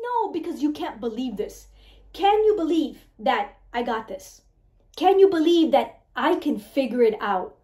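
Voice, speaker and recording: A woman coaching her listeners on mindset, talking in an animated way and asking "right?" again and again. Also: high voice, measured pace, echoey room. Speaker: mindset and weight-loss coach. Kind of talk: motivational talk to listeners.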